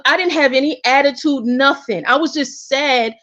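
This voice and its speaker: Woman guest telling her story, kinda high voice, candid, keeps restarting, dull lo-fi audio. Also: normal speed. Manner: candid, animated, with frequent restarts. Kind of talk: casual storytelling.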